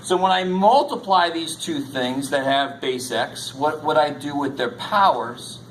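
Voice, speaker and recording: A man's voice: a little high, measured pace, fairly bright tone, a little hiss or hum, poor audio. A man teaching a college math class in a lecture, casual and jokey, swearing now and then. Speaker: math instructor.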